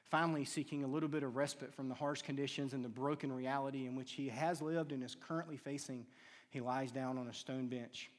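A man preaching a sermon, telling stories and acting out quoted lines with hushed and raised turns. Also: mid-range voice, fairly even intonation, a little fast. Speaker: pastor. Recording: long hall reverb.

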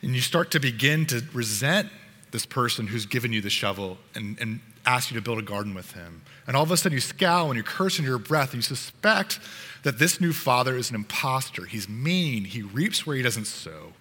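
A man's voice: medium pitch, lively intonation, brisk, bright, forceful tone, big-room sound. A man preaching a sermon, earnestly telling a parable in the second person with frequent restarts.

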